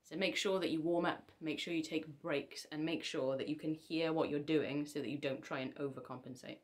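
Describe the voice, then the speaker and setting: A woman's voice: sits low, steady tone, fairly quick. A young woman, a singer, giving casual vocal tips to camera with chatty, self-deprecating asides.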